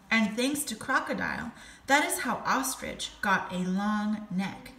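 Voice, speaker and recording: Woman teacher reading a storybook aloud to a class, bright voice, echoey room, faint hiss. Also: mid-range voice. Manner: slow, expressive reading.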